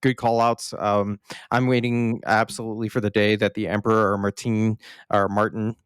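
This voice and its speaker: Low, smooth-voiced podcast host. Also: male voice, level tone, moderate pace, no echo, studio quality. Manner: hesitant, many "uh" and "um" fillers. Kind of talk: casual podcast discussion.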